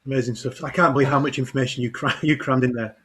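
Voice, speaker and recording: Man, meetup host, enthusiastic, mid-pitched, video call. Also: fairly even intonation, quick pace, fairly bright tone, a little hiss or hum. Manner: enthusiastic, praising. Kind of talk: casual chat.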